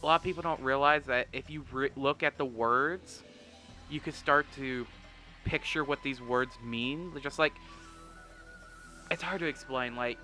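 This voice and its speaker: Rambling, jokey young man with a bright voice. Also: mid-range voice, unhurried, faint music behind. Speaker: gaming commentator. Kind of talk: let's play commentary.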